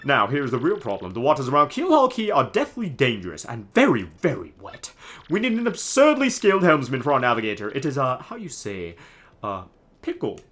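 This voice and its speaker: A man's voice: medium pitch, huge pitch swings, fairly quick, fairly bright tone, faint music behind, voice pushed up. A man putting on a pompous, flowery rich merchant. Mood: boastful. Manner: theatrical, boastful, flowery speech. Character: pompous vain rich male merchant, grandiose. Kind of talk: reading game dialogue aloud in voices.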